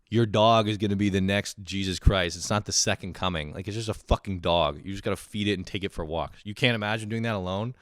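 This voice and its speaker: Very deep-voiced man ranting profanely. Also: fast talker, few pauses, a bit bright, dry recording, studio quality. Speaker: podcast host. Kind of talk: casual comedic rant.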